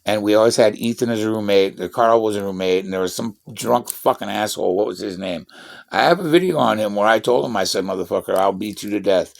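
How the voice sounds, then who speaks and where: A man's voice: on the low side, brisk, creaky. A man in his fifties telling rambling personal stories in a profane, boastful, meandering way. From Washington State, USA. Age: 50s. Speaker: vlogger.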